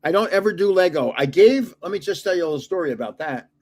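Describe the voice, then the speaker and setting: An older man with a voice pitched a touch high for a man talks through a pack opening. He rambles, guesses at names and chuckles at himself. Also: expressive, quick pace, a little mellow. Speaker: card-collecting channel host. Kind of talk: casual pack-opening chat.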